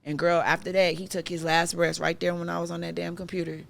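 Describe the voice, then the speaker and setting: A woman with a somewhat low voice recounts a painful personal story in a relaxed podcast chat. She talks in an animated, emotional way, full of fillers and restarts. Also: fast, gravelly. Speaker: podcast guest.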